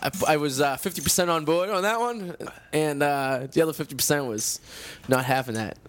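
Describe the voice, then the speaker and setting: Man, thirties, radio co-host, rambling profane storyteller, slightly high voice. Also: brisk, fairly bright tone. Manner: rambling storyteller, swears a lot. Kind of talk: casual radio banter.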